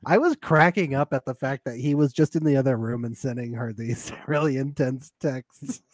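A man's voice: medium pitch, normal speed, no room sound, studio quality. A man co-hosting a casual podcast, recapping a show with frequent laughter and acted-out quotes. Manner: laughs often, acts out quotes. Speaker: podcast co-host.

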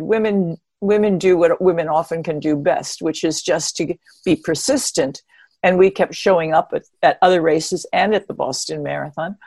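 Older woman guest with a lowish voice, recorded dry and close, telling stories with wry humor. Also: no echo. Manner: animated, expressive storyteller with a wry humor. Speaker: interview guest, pioneering marathon runner. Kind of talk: conversational storytelling.

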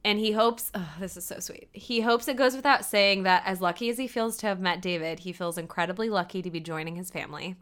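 A woman co-hosting a casual chat, animatedly retelling a TV episode and quoting the characters in quick put-on voices. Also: medium pitch, fairly bright tone. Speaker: podcast co-host recapping a TV episode.

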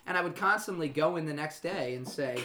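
A man's voice: on the high side, a little fast, sharp tone, a little hiss or hum. A man hosting a casual podcast, joking and teasing as he tells stories. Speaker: podcast host.

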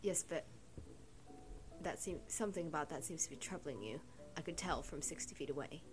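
Brief: woman as an earnest, perceptive young woman, low-pitched, with background music. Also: fairly quick, close to an everyday voice.

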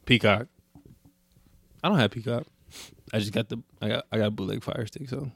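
A young man co-hosting a casual podcast chat, animated, acting out quotes with sudden high-pitched outbursts. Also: a little fast, creaky, no room sound. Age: young adult. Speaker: podcast co-host.

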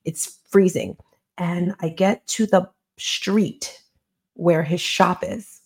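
A woman's voice: lowish voice, darkish tone. A middle-aged woman, an interview guest and author, earnestly retelling a personal story in a conversational way and acting out the dialogue.

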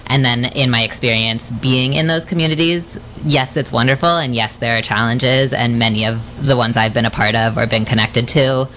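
A man guest telling a story in a measured, deliberate way. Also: medium pitch, sharp tone, slight background noise. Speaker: podcast guest. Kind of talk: conversational storytelling.

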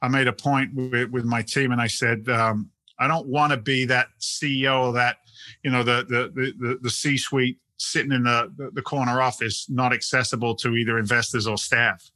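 A middle-aged man from England speaks with a London accent blended with American. His tone is bright and forceful, and he repeats words and restarts sentences as he talks. The sound is dry and close. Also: medium pitch, little pitch movement, normal speed, no echo. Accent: London English mixed with American. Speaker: real estate investment CEO, guest. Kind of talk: casual podcast interview.

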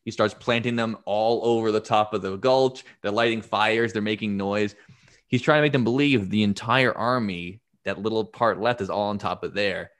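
A podcast host with a low voice retells history in casual storytelling chat at a normal speed. He's profane and animated, acting out quotes as he goes.

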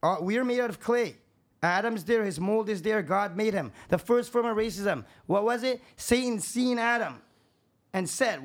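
A man's voice: high-pitched, lively intonation, normal speed. A man, a contractor and podcast guest, talking in casual chat with a profane, emphatic, preachy manner.

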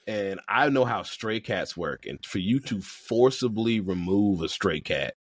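A man co-hosting a podcast, talking in a casual, animated and incredulous way. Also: fairly low pitch, measured pace, no echo, studio quality. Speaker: podcast co-host. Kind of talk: casual chat.

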